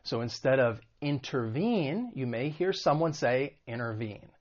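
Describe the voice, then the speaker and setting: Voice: mid-range voice, moderate pace, darkish tone. American accent, english teacher, patient explaining, slightly dull sound. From United States. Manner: clear, patient explaining with demonstrations. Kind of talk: vocabulary and pronunciation lesson.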